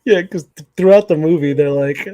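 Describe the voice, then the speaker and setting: A man's voice: on the high side, fairly quick, warm tone, dull audio. A man co-hosting a casual podcast, chatting about a comedy movie and acting out its lines between laughs. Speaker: podcast co-host.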